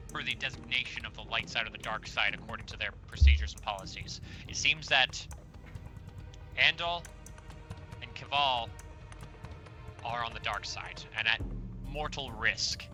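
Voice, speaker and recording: A man's voice: mid-range voice, normal speed, long pauses, music in the background, low-quality recording. A man playing a starship captain in a tabletop game, speaking earnestly and urgently in character. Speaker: player voicing a starship captain. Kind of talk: in-character role-play.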